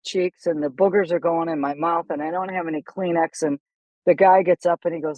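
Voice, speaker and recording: A middle-aged woman, a golf instructor, telling stories animatedly in a casual podcast chat, with quick asides and restarts. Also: sits low, steady tone, dry recording, lo-fi sound.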